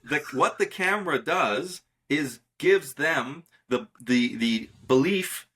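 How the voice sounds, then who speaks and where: A man's voice: fairly high pitch, expressive, slow, pushed and bright, slight background noise. A man, a magician and mentalist, chatting casually about performing, emphatic and insistent, repeating words to drive his point home. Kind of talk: casual conversation.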